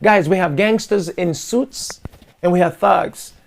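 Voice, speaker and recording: Gravelly, high-pitched impassioned male host. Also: measured pace. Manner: forceful, repetitive, addresses listeners as guys. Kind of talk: impassioned monologue to an online audience.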